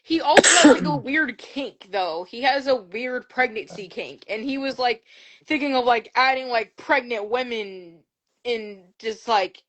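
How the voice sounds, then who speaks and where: A woman's voice: fairly high pitch, expressive, measured pace, a bit bright. A young woman joining a casual livestream chat, hesitant and profane, stacking up fillers as she talks. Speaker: guest joining the stream.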